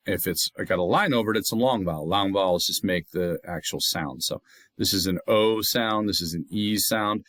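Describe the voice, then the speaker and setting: A man gives a recorded anatomy lesson on pronunciation. He explains patiently and says each term slowly so it can be copied. The sound is dry and close. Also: on the low side, a bit bright, dry recording. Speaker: anatomy instructor. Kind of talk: recorded video lecture.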